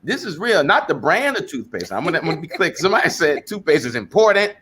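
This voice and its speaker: A middle-aged pastor from New York talks through his points in a conversational sermon style, with a fairly high voice. He repeats himself and breaks into loud, animated bursts when he tells a story. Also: fast talker, slightly rough.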